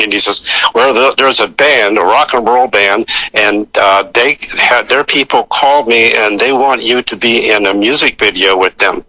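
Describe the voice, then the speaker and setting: A man's voice: fairly low pitch, moderate pace, bright, forceful tone, no room sound, poor audio. An older man, an actor guest on a radio interview, telling rambling anecdotes full of restarts and acting out the voices of the people he quotes. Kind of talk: anecdotal storytelling.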